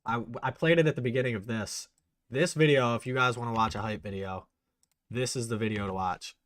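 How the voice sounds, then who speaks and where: A man hosting a casual livestream, chatting excitedly and answering viewers' messages. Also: mid-range voice, no echo. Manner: chatty, reads and answers live chat, excitable. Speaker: bourbon channel host.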